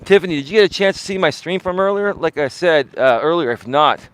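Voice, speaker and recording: A middle-aged man, a life coach hosting a live stream, talking with heavy emphasis and swinging between highs and lows. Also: expressive, brisk, fairly bright tone, smooth.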